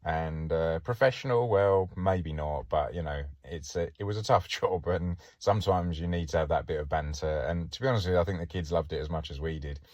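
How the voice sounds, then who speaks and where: Low-voiced man telling stories. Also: a little fast, few pauses, a little mellow, no echo. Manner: chatty, wry, laughs through his stories. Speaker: podcast host and former police diver. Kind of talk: casual anecdotal storytelling.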